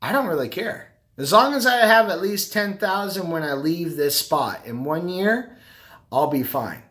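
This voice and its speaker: Man, middle-aged, slightly high pitch, casual vlog talk, rambling, repeats himself. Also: lively intonation, measured pace, fairly bright tone. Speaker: vlogger, carpet cleaner and business owner.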